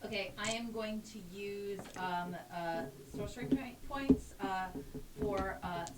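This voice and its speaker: A woman's voice: medium pitch, takes it slowly. Female player, hesitant, distant mic, echoey, noisy. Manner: hesitant, thinking aloud about rules. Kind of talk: tabletop game play.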